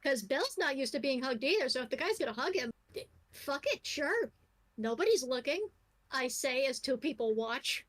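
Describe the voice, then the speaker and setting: A woman running a tabletop role-playing game, narrating scenes casually with wry asides. Her voice sits high. She fills gaps with loose fillers. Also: lively intonation, moderate pace, a bit bright, rough recording. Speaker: game master.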